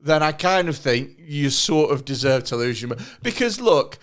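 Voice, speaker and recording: A man hosts a comedy podcast in crude, sweary banter, laughing at his own jokes. His voice sits fairly high and swoops around with lively intonation. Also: normal speed. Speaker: podcast host. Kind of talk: casual comedic chat.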